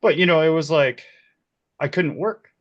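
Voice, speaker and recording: A man in his forties, a key grip, telling set stories in a casual interview, animated and quick to laugh. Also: on the high side, muffled recording. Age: 40s. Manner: animated, laughs often, acts out quoted voices. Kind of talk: casual storytelling.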